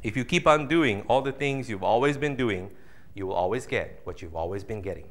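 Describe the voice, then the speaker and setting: A man giving a live motivational seminar talk, animated and jokey, acting out voices of the audience. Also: fairly low pitch, a little fast. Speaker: motivational speaker.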